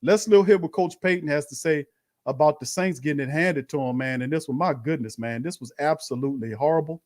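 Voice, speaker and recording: A man hosts a live-stream watch party as a sports show host, bluntly commenting on a loss and calling his viewers "fam." His voice is a little high with a darkish tone, and he talks fast.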